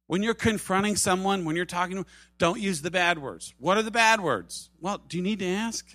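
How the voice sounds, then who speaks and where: A man preaching a sermon at a church service, animated, acting out quoted voices and dropping to soft tones for emphasis. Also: high-pitched, fairly quick, dry recording. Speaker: pastor.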